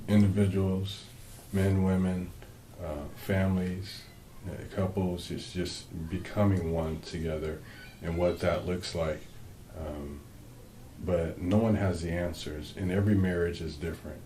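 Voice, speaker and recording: A man's voice: sits low, darkish tone, echoey room, slight background noise, rough recording. A man co-hosting a faith-based marriage talk with his wife, speaking earnestly and rambling with frequent restarts. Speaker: co-host, husband.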